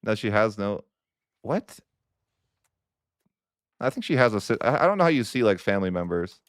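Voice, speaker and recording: Exasperated young man, crisp dry voice. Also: lowish voice, very animated, moderate pace, no echo. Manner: exasperated, whiny, sarcastic. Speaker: strategy game streamer. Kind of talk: frustrated gameplay commentary.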